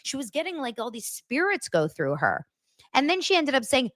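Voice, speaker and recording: On her reality TV recap podcast, a high-pitched woman talks at a moderate pace, bluntly gossiping with free swearing and lively voiced impressions of quotes. The studio-quality recording has no echo.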